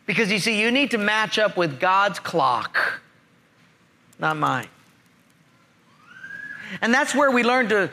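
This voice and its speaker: Man, pastor, sermon, bright tense voice, animated storytelling. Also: high voice. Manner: animated, acts out dialogue in his stories.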